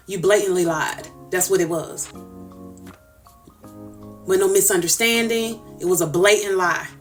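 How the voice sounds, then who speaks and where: A woman's voice: mid-range voice, moderate pace, long pauses, distant mic, faint music behind. A woman livestreamer giving a heated personal callout, emphatic and confrontational, repeating her points for force. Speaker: social media livestreamer.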